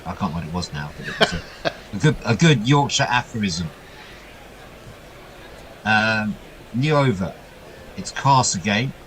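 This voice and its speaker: A man with a fairly low voice calls a cricket match ball by ball in a chatty, easygoing way, and his voice jumps up whenever there's a boundary. A faint hum of noise sits under the recording. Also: moderate pace, pauses often, rough recording. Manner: chatty, excitable over boundaries. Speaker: cricket commentator. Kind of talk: ball-by-ball radio commentary.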